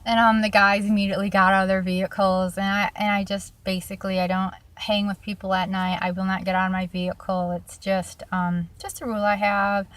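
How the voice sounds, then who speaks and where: A woman's voice: mid-range voice, little pitch movement, fairly quick, few pauses, fairly bright tone. A young woman casually telling stories about her own life, chatty, laughing often and using lots of fillers. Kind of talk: casual storytelling vlog.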